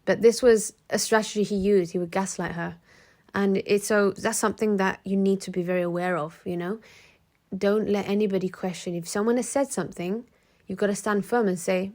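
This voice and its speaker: A woman's voice: mid-range voice, brisk. A woman giving casual advice straight to the camera, chatty and prone to digressions. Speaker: motivational video creator.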